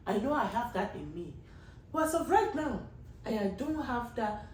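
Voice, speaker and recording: A woman's voice: a little high, animated, normal speed, roomy sound, recorded from a distance, slight background noise, poor audio. A woman podcast host, talking in a casual, rambling monologue and earnestly pleading with her listeners.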